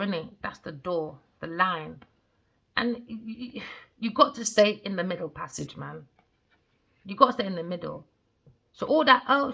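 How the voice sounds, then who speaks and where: A woman's voice: mid-range voice, vocal fry, pushed and bright, muffled recording. A woman giving a casual tarot reading, talking bluntly and animatedly and swearing freely. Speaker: tarot reader.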